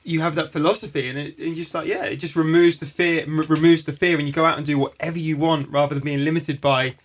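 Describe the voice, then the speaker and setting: A man's voice: a little high, level tone, quick pace. A man hosting a podcast, asking questions and reflecting in casual chat. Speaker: podcast host.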